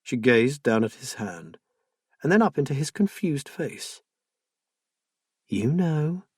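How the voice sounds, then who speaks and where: Guy narrating a mystery audiobook, husky, lively pitch, dry close mic. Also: a little slow, no echo.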